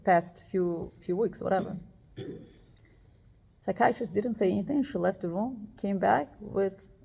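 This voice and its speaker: With a creaky, mid-range voice, a woman tells other women a personal story, retelling it emotionally and with animation while quoting the people involved.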